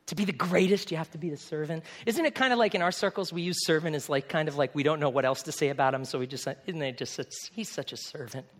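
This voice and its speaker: A man from New England preaching a sermon in a conversational, animated way, acting out quick asides. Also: fairly high pitch. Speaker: pastor.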